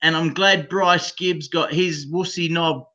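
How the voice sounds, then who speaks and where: A man's voice: on the high side, fairly even intonation, unhurried, sharp tone, highs cut off. An Australian man on a call, rambling in crude casual banter, profane and rowdy, forever saying mate. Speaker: call-in guest.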